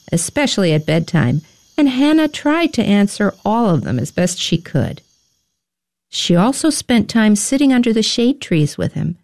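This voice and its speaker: A woman gently narrating a storybook tale. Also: medium pitch. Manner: gentle, animated reading.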